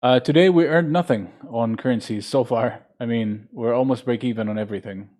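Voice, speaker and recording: A man's voice: mid-range voice, a little fast, mellow. A man from Jordan, a market analyst hosting a live trading stream, talking casually and thinking aloud with fillers.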